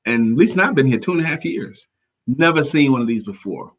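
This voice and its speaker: A man's voice: medium pitch, lively intonation, quick pace, dull audio. A man co-hosting a talk show in casual chat, playful and teasing, laughing often. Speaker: co-host.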